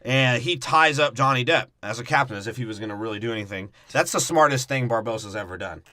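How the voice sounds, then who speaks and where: Young male podcast co-host, crude jokey recap, bright forceful tone, dry close sound. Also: medium pitch, fast, dry recording. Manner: profane, jokey, slips into silly character voices. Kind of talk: casual crude movie recap.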